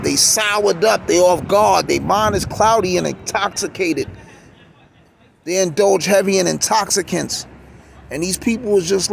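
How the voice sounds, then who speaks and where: A man's voice: sits high, a little slow, vocal fry. A middle-aged man ranting insistently in the street, repeating himself and restarting phrases. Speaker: vlogger. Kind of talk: outdoor street rant. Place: city street outdoors. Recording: street traffic noise behind.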